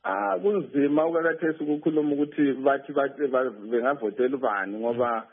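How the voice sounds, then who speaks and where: A man's voice: medium pitch, fast talker, vocal fry, husky. A male field reporter phoning in a news report, speaking hesitantly with many fillers and restarts. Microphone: telephone. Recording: tinny phone line.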